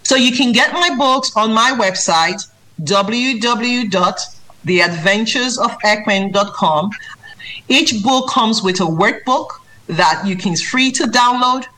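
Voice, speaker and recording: A woman's voice: a little high, measured pace, a little hiss or hum, poor audio. A woman who writes children's books and tutors maths, answering interview questions in an earnest, emphatic way. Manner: earnest, emphatic, lively when mimicking reading aloud.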